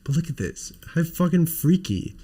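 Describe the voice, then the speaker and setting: A man's voice: fairly high pitch, big pitch swings, moderate pace, warm tone, breathy edge. A man co-hosting a livestream podcast, rambling casually and swearing while showing off toys. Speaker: podcast co-host.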